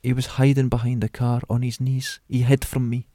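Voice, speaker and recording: Brisk and mid-pitched, this middle-aged Scottish podcast co-host spins stories in relaxed conversation, performing each character's lines himself. The sound is dry, with no room ambience.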